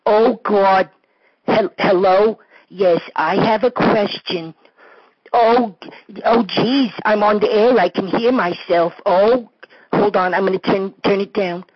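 A man putting on the voice of a flustered, excitable male radio caller who babbles nervously. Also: sits high, slow pace, dry recording, voice pushed up. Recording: dull lo-fi recording.

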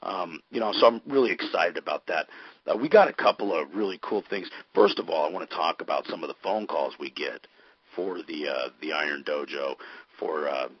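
A man hosting a casual radio show, rambling with lots of fillers in a gruff manner. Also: low-pitched, moderate pace. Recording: dull lo-fi recording.

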